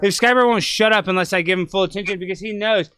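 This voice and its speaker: A man hosting a live video podcast, talking in a rambling, excitable way. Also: sits high, quick pace, clean tone, no echo. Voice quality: loud, sing-song hype intro. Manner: rambling, excitable, talks over his cat. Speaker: podcast host.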